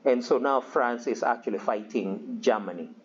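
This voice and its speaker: A man's voice: medium pitch, normal speed, slightly rough, dull audio. A man giving a loose, conversational history lecture, full of fillers and acted-out asides. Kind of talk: recorded classroom lecture.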